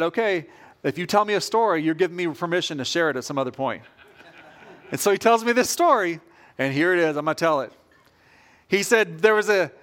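A man with a bright, high-pitched voice preaching a sermon. He tells stories with lively energy and acts out the people in them, then drops to a low, earnest tone to press a point home. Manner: storytelling, acts out quoted voices with rising energy. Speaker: pastor.

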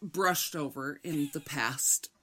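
A woman from the Midwest, co-hosting a podcast and telling a story in a dry, unhurried way. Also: sits low, bright, forceful tone. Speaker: podcast co-host. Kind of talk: casual chat.

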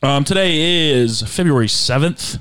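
A man's voice: a little high, animated, measured pace, fairly bright tone, clear, resonant tone. Joking male podcast host. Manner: jokey, irreverent banter. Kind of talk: casual chat.

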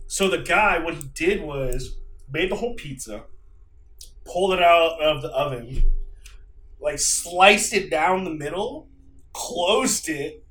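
A young man co-hosting a casual podcast, animated and swearing, laughing often. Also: on the high side. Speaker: podcast co-host. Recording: echoey room with faint noise.

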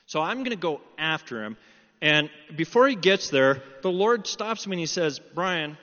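Bright-voiced preacher in an echoing hall. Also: male voice, a little high, normal speed. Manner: animated storytelling, quoting dialogue. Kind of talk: sermon with personal story. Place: church hall. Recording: dull sound with long hall reverb.

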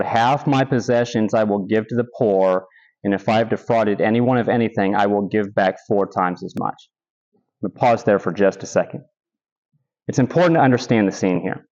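A man's voice: fairly low pitch, a little mellow, dull audio. A man preaching a sermon as pastor, telling stories with quoted asides and emphatic repetition.

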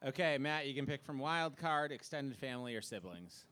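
A man's voice: medium pitch, expressive, moderate pace, pushed and bright, clear, resonant tone. A man hosting a live comedy game show on a club stage, upbeat and announcing.

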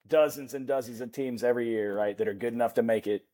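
A man's voice: mid-range voice, fast talker, dark tone. A man in his forties, a guest on a podcast, telling rambling, self-mocking anecdotes in a casual way. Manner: rambling anecdotes, restarts, laughs at himself. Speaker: podcast guest, former NFL lineman. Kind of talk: casual storytelling in an interview.

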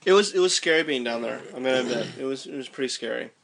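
A man casually recounting an underground climb to his companions as an animated storyteller. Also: medium pitch, very fast, vocal fry. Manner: animated storyteller, shouts in quoted lines.

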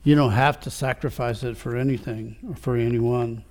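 A male pastor preaching a sermon, using many rhetorical questions and swinging between quiet reflection and rising fervor. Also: medium pitch, fairly even intonation, moderate pace.

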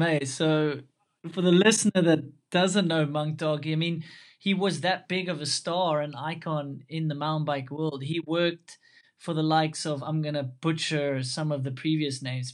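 A man hosting a podcast, reminiscing casually and fondly about an old friend. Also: on the high side. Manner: warm tribute, reminiscing. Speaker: podcast host. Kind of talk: casual interview chat.

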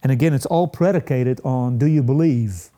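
A man preaching a sermon, slow and emphatic, with dramatic pauses and rising peaks. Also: mid-range voice, dark tone.

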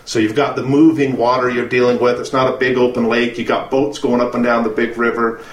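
A man telling a lively story on a casual aviation podcast, laughing and restarting as he goes. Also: medium pitch, a little fast, roomy sound. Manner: animated storyteller, restarts and laughs through lines. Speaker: podcast co-host.

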